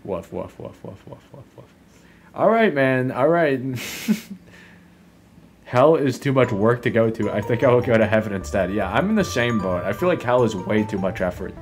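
A man's voice: mid-range voice, animated, moderate pace. A man doing casual gameplay commentary, rambling and swearing, with a lot of laughing and "like" fillers. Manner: rambling, swears often, fills with "like"; laughs often while talking. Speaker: gaming video host. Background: game music.

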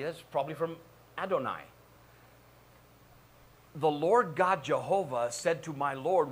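A man's voice: medium pitch, slight background noise. A male pastor preaching a sermon in a church, building to repeated calls and questioning the congregation. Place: church sanctuary.

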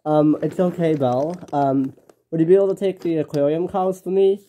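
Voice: medium pitch, steady tone, brisk, mellow, slight background noise, close to an everyday voice. A narrator doing a flustered railway boss. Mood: fussy. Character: harried railway boss man. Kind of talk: toy train storytelling.

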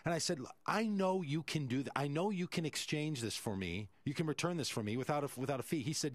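A man's voice: on the high side, animated, a little fast, hardly any pauses, no echo. A male radio host, telling a story animatedly and acting out the quoted voices.

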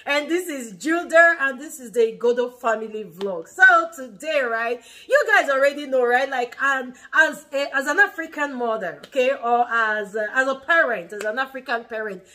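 A woman's voice: high-pitched, moderate pace, hardly any pauses, sharp tone. A Nigerian woman in her thirties hosting a family vlog, chatting casually and animatedly, often laughing and restarting her phrases. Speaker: family vlog host and mother. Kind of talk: casual teaching chat.

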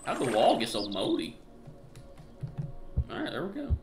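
A man's voice: mid-range voice, huge pitch swings, normal speed, creaky, over music. A young man streaming a game, chatting casually with slang and jokes at a desk mic. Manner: chatty, joking slang asides. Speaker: gaming streamer. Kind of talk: casual live-stream commentary. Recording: echoey room.

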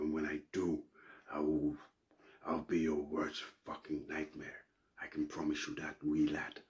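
A comedian voicing an enraged action-movie father, who hurls repeated insults and rambling threats at a caller while shaking with anger. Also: a bass voice. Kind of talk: comic celebrity impression.

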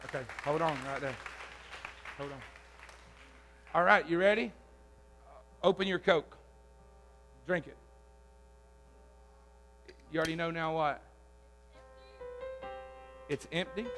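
A man preaching at a youth camp service, loud, coaxing and teasing as he runs games with the crowd. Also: fairly high pitch, slow pace, long pauses, music in the background. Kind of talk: lively youth service sermon with audience games.

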